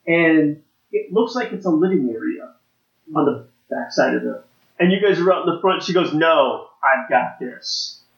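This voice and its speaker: A man's voice: on the high side, lively intonation, normal speed, vocal fry. A man narrating as game master of a tabletop role-playing game, loose and rambling with restarts. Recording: echoey room, dull lo-fi sound.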